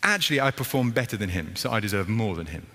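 A man's voice: fairly low pitch, expressive, fast talker, bright, forceful tone, long reverb tail, full character voice. A man voicing a proud, resentful older son from a parable, sounding self-righteous and indignant.

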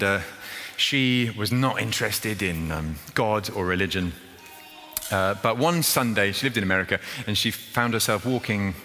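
A man preaching a lively sermon, acting out a story in a playful, animated way. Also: fairly low pitch. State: out of breath. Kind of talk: lively sermon with acted demonstration. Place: church hall. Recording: echoey hall with faint noise.

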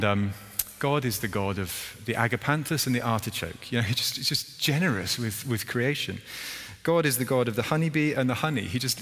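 A man's voice: mid-range voice, a bit bright, in a large hall. A male pastor preaching a sermon in church, conversational with rhythmic, repeating phrases.

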